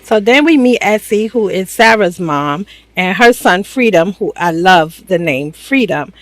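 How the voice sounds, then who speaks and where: A woman's voice: medium pitch, lively intonation, a little slow, no echo, poor audio. A woman giving a chatty, slangy, casual recap of a reality show, laughing often. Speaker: reaction channel host.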